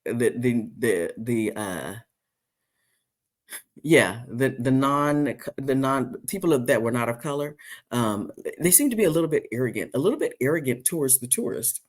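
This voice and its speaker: A man hosting a casual live-stream chat, rambling with many fillers and restarts, and jumping high when he mimics people. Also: animated, normal speed. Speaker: host.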